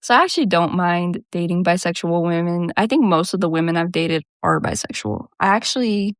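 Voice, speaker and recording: A woman's voice: fairly low pitch, brisk, no echo, studio quality. Laughing woman telling casual stories. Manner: animated, laughs often, slips into quoted voices. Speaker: host. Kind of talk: casual storytelling monologue.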